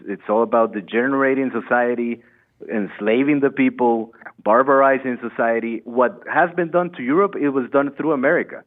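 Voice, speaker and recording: A man calling in to a talk show, rambling earnestly about politics and repeating himself. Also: mid-range voice. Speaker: caller. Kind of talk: phone-in political rant. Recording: tinny phone line.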